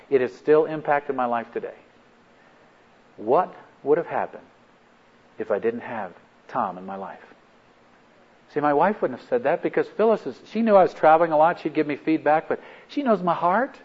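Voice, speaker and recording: A middle-aged man giving a talk, retelling a family story in an earnest, halting way and quoting each line of dialogue. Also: mid-range voice, husky. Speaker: speaker. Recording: dull lo-fi recording.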